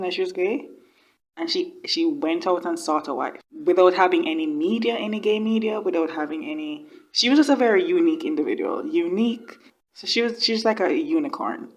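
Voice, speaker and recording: A woman hosts a reaction video in a casual, heartfelt way, often exclaiming and repeating her words. Her voice sits somewhat low. She swings between gushing and frustrated commentary.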